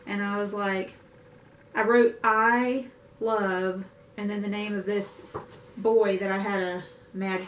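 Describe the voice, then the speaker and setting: A young woman vlogger chatting casually to camera about books she loves, with self-mocking asides. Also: medium pitch. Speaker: book vlogger. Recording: echoey room with faint hiss.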